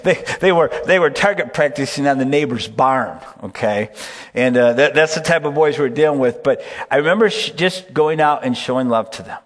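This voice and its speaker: A middle-aged pastor preaches in a folksy storytelling way, often breaking off to ask his listeners "okay?". His voice sits at a middle pitch for a man. It rings out with a long reverb, as in a large church hall. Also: normal speed. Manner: folksy, peppers stories with "okay?". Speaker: pastor and camp director. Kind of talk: storytelling sermon.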